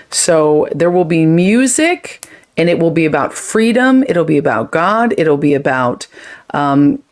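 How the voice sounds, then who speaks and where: A chatty woman with a lowish voice hosts a live stream, casually chatting and reading comments. She is effusive and emotional, thanking viewers often, and talks quickly while drifting between topics.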